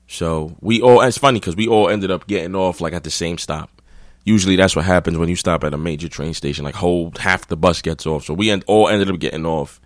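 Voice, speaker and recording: Low-voiced man telling a blunt story. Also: fairly quick, no room sound, clean studio sound. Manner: profane, blunt, rambling. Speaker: podcast host. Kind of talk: casual storytelling.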